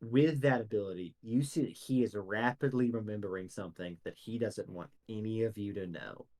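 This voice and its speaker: A man narrating as game master of a tabletop role-playing game, measured and descriptive. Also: lowish voice, a little mellow.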